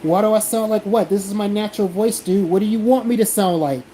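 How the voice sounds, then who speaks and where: A man's voice: high voice, a little fast, dark tone, a little hiss or hum, poor audio. A man from the American South, chatting casually on a live stream and answering comments in a blunt, profane, defensive way. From South Carolina, American South.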